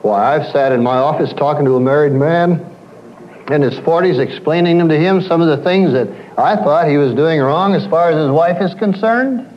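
A counselor lectures an audience, telling stories as an animated storyteller and acting out what his clients say. His voice is a little high at a moderate pace, and the recording's highs are cut off.

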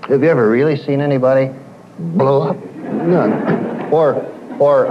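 A man's voice: fairly high pitch, measured pace, dull audio, background noise. A man giving a lecture to an audience as a counselor, telling stories and acting out what his clients say. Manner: animated storyteller, acts out quoted clients.

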